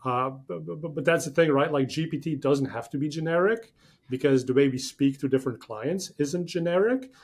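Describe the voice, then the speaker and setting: A man's voice: a little high, brisk, breathy edge. A man being interviewed as a podcast guest, explaining ideas eagerly in a loose, rambling way with many fillers and restarts. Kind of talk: conversational interview.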